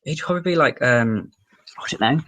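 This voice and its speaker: Bright-voiced man chatting on a livestream. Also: medium pitch, expressive, moderate pace. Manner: chatty and offhand, answering chat questions. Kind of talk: casual chat reading viewer comments.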